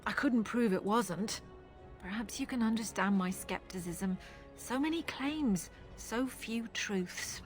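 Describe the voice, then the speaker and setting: A woman's voice: medium pitch, soft background music, lightly acted. A woman playing an earnest Irish chantry curator. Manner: thoughtful, earnest, measured speech. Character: pious middle-aged female chantry relic curator. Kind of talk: video game dialogue.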